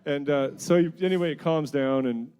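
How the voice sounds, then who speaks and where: A man's voice: a little high, normal speed, darkish tone. Rambling man telling stories. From New Brunswick, Canada. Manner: rambling, self-mocking anecdotes with frequent chuckles. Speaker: singer-songwriter. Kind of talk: storytelling between songs at a house concert. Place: living room at a house concert.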